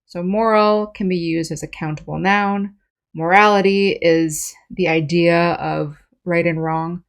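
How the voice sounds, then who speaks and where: A woman's voice: lowish voice, fairly even intonation, unhurried. A woman English teacher giving a patient vocabulary lesson, explaining words step by step with examples.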